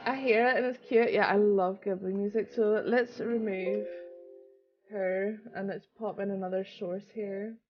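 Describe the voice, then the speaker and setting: A young woman from Northern Ireland with a Northern Irish accent, chatting casually and excitably on a live stream and swearing often. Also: mid-range voice, a little slow. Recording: dull lo-fi stream audio with soft music. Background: soft music.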